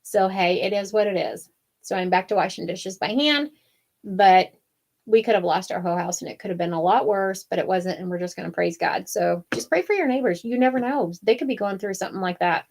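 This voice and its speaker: A woman's voice: mid-range voice, a little fast, darkish tone. A woman co-hosting a craft show, chatting casually and telling a long, rambling story with plenty of fillers. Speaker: wreath-making show co-host. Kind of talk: casual chat.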